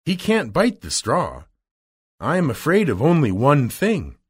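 A man voicing a friendly, gentle scarecrow made of straw in a storybook reading, husky and raised above his own pitch. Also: wildly swooping pitch, unhurried, exaggerated voice. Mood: plaintive.

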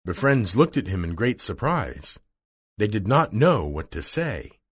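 Male storybook narrator, slow and very lively in pitch, slightly breathy.

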